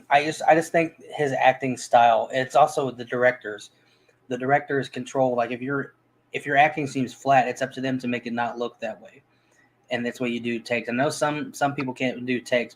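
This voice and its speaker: A man's voice: mid-range voice, rough recording. A man reviewing movies in a casual, rambling chat, full of restarts and fillers.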